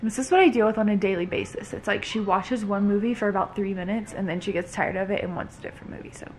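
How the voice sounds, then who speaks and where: A woman's voice: mid-range voice, steady tone, fast, a little hiss or hum. A young woman vlogging at home, casually telling a family story with lots of "like" and acted-out quotes. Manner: chatty, lots of "like", acts out quotes. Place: home, indoors with toddler.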